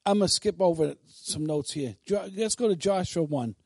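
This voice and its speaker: A man preaching a sermon who swings between bold, emphatic declarations and quiet, chatty asides to his listeners. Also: sits high, normal speed, creaky, no echo.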